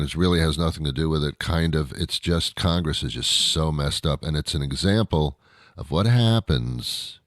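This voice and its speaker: Deep-voiced ranting male talk host. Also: no room sound, clean studio sound. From Canada. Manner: ranting, incredulous, mocking imitations. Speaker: radio show host. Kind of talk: solo talk show monologue.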